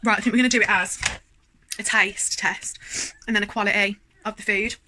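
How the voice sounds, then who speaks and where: A woman's voice: medium pitch, fairly even intonation, very fast, bright, forceful tone, a little hiss or hum, rough recording. A young woman vlogging at home, chatting in a rambling, self-deprecating way while reviewing a meal. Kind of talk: casual food review chat.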